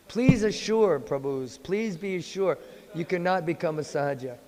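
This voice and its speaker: A man giving a sermon in a temple hall, telling a story in a playful, animated way. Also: a little high. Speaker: monk lecturer.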